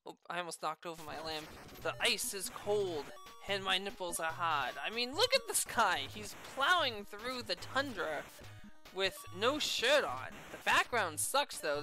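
A woman's voice: medium pitch, big pitch swings, moderate pace, pushed and bright, soft background music. A woman doing let's play commentary, exasperated, swearing freely, with yelps and laughs. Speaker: video game streamer.

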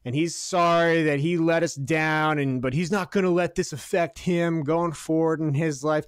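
A man on a podcast, his voice pitched high for a man, tearing into a football loss. He talks in a heated, sarcastic way, swears freely and pushes toward shouts. The sound is close and dry, with no room around it. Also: fairly even intonation, moderate pace, hardly any pauses, clean tone, no room sound. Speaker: podcast co-host. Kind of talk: profane sports rant.

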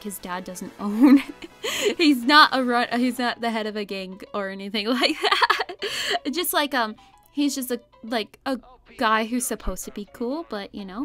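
A woman with a mid-range, fairly bright voice hosts an art channel, offering casual voice-over commentary about her drawings. She rambles, giggles frequently and keeps questioning herself self-consciously.

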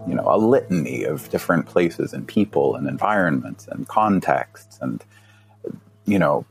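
With a gravelly voice, a man appearing as a podcast guest recounts a story in a lively, casual way. He laughs a lot and leaps up in pitch as he plays his younger self.

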